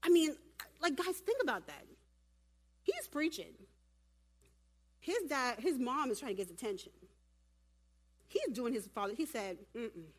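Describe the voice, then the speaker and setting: A woman giving a lively sermon at a church women's event and directing volunteers from the audience. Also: high-pitched, a little slow, long pauses. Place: church hall.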